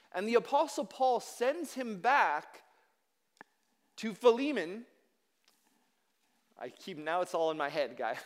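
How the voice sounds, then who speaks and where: High-voiced pastor in a reverberant hall. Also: male voice. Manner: conversational, self-deprecating. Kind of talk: sermon. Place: church sanctuary. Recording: long reverb of a large hall.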